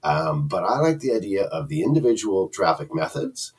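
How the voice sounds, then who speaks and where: A man's voice: low-pitched, sing-song, normal speed, darkish tone, slightly rough, recorded from a distance. A man from Canada giving a rambling, casual screen-share review of an online product, full of fillers and restarts.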